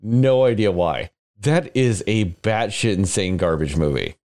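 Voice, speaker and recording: This co-host's voice is lowish and a little slow. On the podcast he chats casually, cursing freely and animatedly ridiculing his own taste in the films he loves.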